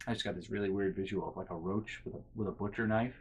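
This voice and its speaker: A young man vlogging, telling a casual, rambling story full of restarts and quiet muttered asides. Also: lowish voice, fast talker, a little hiss or hum. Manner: rambling, self-interrupting with fillers and restarts.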